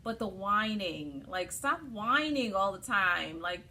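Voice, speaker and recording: A woman co-hosts a casual chat and tells stories with animated, opinionated energy. Her voice is bright and crisp, in a middle register. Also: mid-range voice, slow, a little hiss or hum. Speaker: podcast co-host.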